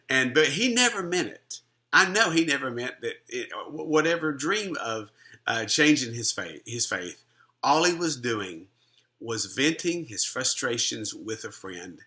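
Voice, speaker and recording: Middle-aged male minister, bright forward tone, earnest conversational testimony with restarts. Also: medium pitch, sing-song, unhurried. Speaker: Christian minister and life coach. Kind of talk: personal testimony storytelling.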